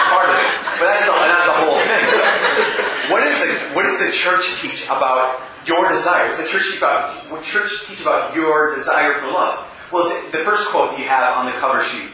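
A man giving a church talk, telling personal stories with humour, often laughing and adding quick asides. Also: a little high, pushed and bright, slight background noise. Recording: echoey room, from a distance.

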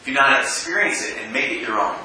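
A man giving a church talk, telling personal stories with humour, often laughing and adding quick asides. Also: medium pitch, expressive, bright, forceful tone, a little hiss or hum. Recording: echoey room, from a distance.

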